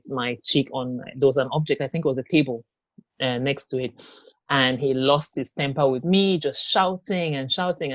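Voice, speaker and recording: Interview guest, a woman with a low pitch, telling her story haltingly in a dry, close recording. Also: no room sound. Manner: halting, hesitant, many fillers and restarts. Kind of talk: personal testimony in an interview.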